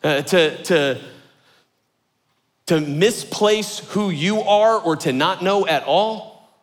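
A young adult man, a lead pastor, preaching a sermon as an animated storyteller who acts out quotes in a high voice. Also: slow. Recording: long hall reverb.

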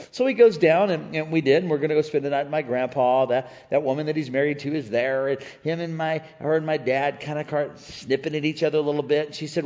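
Middle-aged male pastor with a high voice, storytelling sermon style that rallies the crowd, big hall echo. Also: fairly quick. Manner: animated storytelling, calls out to the congregation. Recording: reverberant church hall.

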